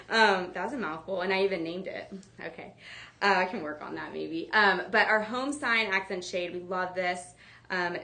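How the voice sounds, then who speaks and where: A woman's voice: mid-range voice, a bit bright. A woman hosting a live home decor shopping show, chatting casually with lots of fillers as she demonstrates products.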